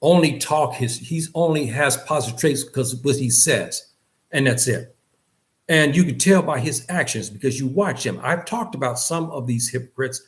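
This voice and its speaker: Earnest male teacher giving a faith lesson, mid-pitched voice, repeats himself and lifts pitch for emphasis. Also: moderate pace. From West Africa. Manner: earnest, repeats phrases, pitch rises on key points. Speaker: religious teacher. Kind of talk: lecture.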